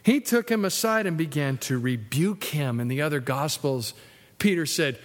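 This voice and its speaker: Guy preaching a sermon, chatty and animated, voice kinda high, big hall echo. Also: moderate pace. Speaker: pastor. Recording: long hall reverb.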